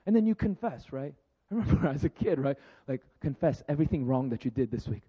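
A man's voice: medium pitch, animated, fast, breathy edge, highs cut off. A man preaching a conversational sermon, laughing often and acting out the voices he quotes. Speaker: pastor.

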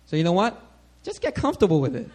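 A man with a notably high voice preaching a sermon. He teaches in a loose, animated way. He keeps checking in with the congregation as he goes. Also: fast. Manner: animated, checks in with "all right?" often.

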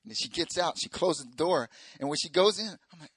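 A young man preaching a casual, joking sermon, acting out stories with high-pitched quoted voices. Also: a little fast, slightly rough, no room sound. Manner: animated, jokey, acts out quotes in high voices. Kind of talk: sermon storytelling.

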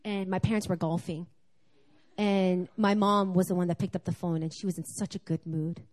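Animated woman telling a story in church. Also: on the low side, normal speed. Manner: animated storytelling, acting out dialogue. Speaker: church speaker. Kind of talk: personal testimony in a sermon. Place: church service.

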